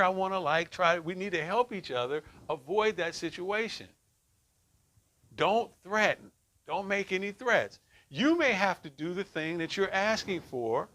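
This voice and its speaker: A man's voice: high voice, pushed and bright. A middle-aged man leading a relationship workshop for a group, talking conversationally and often checking in with "right?". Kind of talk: teaching a group class.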